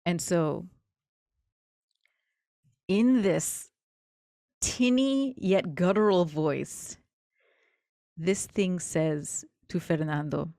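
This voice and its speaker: A woman narrates a horror tabletop scene as game master, slow and deliberate. Her voice sits a little low. The recording is dry and close. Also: dark tone, no echo.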